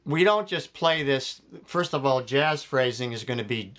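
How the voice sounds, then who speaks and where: A man's voice: medium pitch, lively intonation, moderate pace. A man giving a jazz piano lesson, explaining phrasing step by step and counting beats aloud. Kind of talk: spoken music lesson. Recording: loud piano playing behind the voice.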